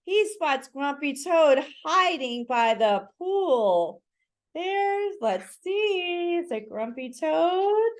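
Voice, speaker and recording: A woman reading a picture book aloud to children, pausing to ask listeners to fill in the words. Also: high voice, sing-song. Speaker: children's story reader.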